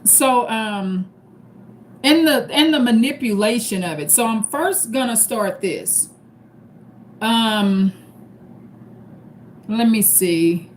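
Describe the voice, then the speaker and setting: Woman streamer, unhurried chatty delivery, slightly high voice, faint hiss behind. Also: lively intonation. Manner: slow, chatty, greets viewers by name. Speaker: live stream host. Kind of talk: casual live stream chat.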